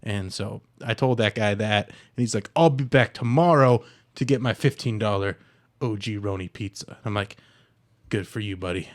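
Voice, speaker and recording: A young man hosting a casual comedy podcast, telling a story with lively voiced-out dialogue. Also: fairly low pitch, normal speed. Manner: animated storyteller acting out both sides of a dialogue. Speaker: podcast host.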